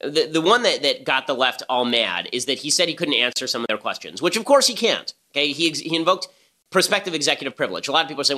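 A man's voice: a little high, expressive, quick pace, pushed and bright. A man hosting a political podcast, delivering emphatic, argumentative commentary. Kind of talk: fast opinionated commentary.

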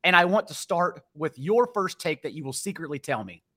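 A man's voice: fairly high pitch, lively intonation, moderate pace, a bit bright. A man with a Texas accent hosting a podcast in a playful, teasing chat. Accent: Texan. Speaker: podcast host. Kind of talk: casual chat.

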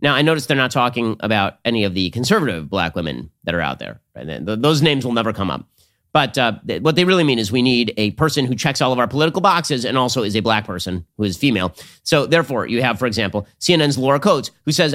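Guy hosting a political show, super fast and sarcastic, arguing nonstop. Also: mid-range voice, sing-song, fairly bright tone. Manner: rapid, sardonic, argumentative delivery. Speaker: political commentary show host. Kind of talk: fast political commentary and read ad.

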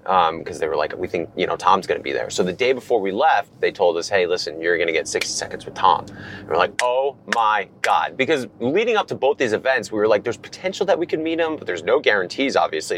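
Fast-talking deep-voiced man telling a story. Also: a little hiss or hum. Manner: animated, acts out quotes from others. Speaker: guest. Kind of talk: casual storytelling. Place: car.

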